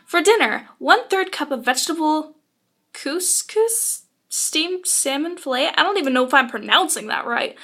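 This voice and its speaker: A woman's voice: high-pitched, expressive, a little fast, hardly any pauses, sharp tone. A teenage girl with a bubbly, sarcastic, chatty manner, reviewing books in a casual vlog. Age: teens. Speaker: video blogger.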